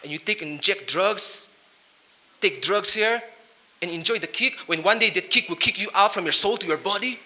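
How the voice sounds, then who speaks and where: Sharp-voiced man giving a motivational speech. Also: high-pitched, moderate pace. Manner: rhyming wordplay, punchy and emphatic. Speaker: motivational speaker. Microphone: handheld mic.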